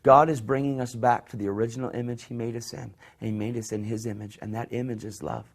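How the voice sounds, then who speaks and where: A man preaching a sermon with passion. He restarts and repeats phrases and shifts into soft, hushed voices when he acts out the people in his story. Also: mid-range voice, fairly even intonation, fast.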